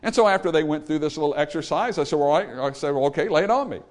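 Animated Baptist preacher with lively pitch. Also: male voice, quick pace. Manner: emphatic preaching, rising to loud peaks then dropping low; calls for amen from the congregation. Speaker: Baptist pastor. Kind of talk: sermon.

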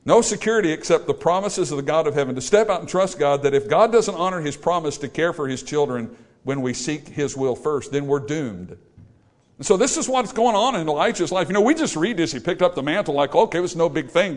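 A man preaching a sermon, storytelling and acting out the people he quotes. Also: on the high side. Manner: animated, acts out quoted voices.

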